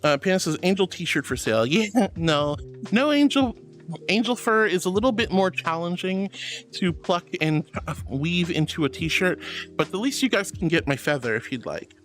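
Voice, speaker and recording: Young guy streaming, high voice that swings all over, super affectionate, honey and sweetie to everyone, soft music under it. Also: lively intonation, normal speed. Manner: affectionate, theatrical, calls viewers honey and sweetie. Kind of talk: casual livestream chat, reading chat messages.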